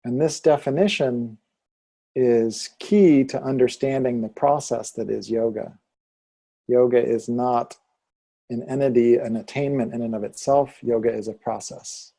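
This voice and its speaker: A man teaching yoga philosophy and Sanskrit pronunciation in a calm, deliberate way, leading students to repeat after him. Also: medium pitch, vocal fry. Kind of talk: slow, calm teaching with call-and-repeat chanting.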